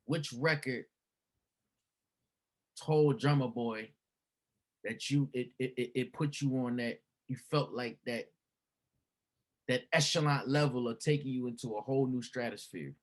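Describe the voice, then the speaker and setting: A man's voice: medium pitch, a little slow, pauses often. A man hosting a casual interview, affirming often with short interjections and asking rambling, repeated questions. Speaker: interview host.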